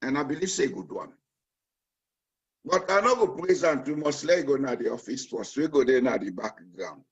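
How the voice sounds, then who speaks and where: A man's voice: medium pitch, expressive, moderate pace, husky, dull audio. A man with a Sierra Leonean Krio accent giving emphatic political commentary as a panel guest, repeating his key words like a preacher. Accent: Sierra Leonean Krio-tinged.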